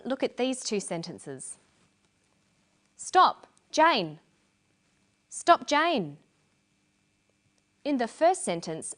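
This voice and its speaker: A middle-aged woman explains points of English to learners in a scripted lesson. She speaks clearly and deliberately. Her intonation moves lively up and down. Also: mid-range voice. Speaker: English teacher presenter. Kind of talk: scripted educational narration.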